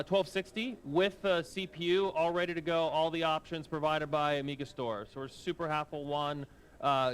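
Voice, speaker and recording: A man's voice: on the high side, fairly bright tone, clean tone. A man hosting a convention, making announcements in a jokey, informal way. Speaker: show host. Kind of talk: event announcements. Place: convention hall.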